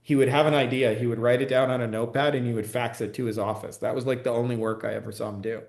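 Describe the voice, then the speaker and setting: A man's voice: mid-range voice, steady tone, fast talker, vocal fry, a little mellow. A man who coaches online business, talking casually and profanely on a livestream and answering comments, with many "like" fillers. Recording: roomy echo.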